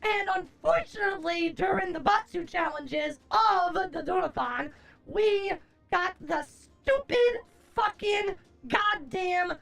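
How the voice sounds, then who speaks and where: Very high-voiced, foul-mouthed woman streamer. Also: slow pace, creaky, fairly bright tone. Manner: profane, theatrical mock-furious ranting. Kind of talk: casual livestream chat. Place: at a desk at home.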